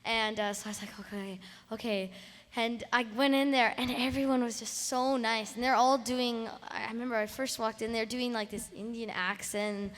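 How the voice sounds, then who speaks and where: A woman's voice: a little high, fairly even intonation, moderate pace, fairly bright tone. A teenage voice actress speaking on a convention panel, rambling and restarting her sentences. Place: convention hall. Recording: echoey convention hall.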